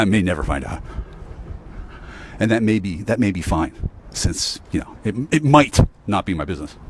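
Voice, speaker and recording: A man rants outdoors in a lively, swooping voice, full of curses and stammered restarts. He trails off into sighs between bursts. Faint street traffic hums behind him. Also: lowish voice. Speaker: vlogger. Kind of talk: angry rambling monologue to camera.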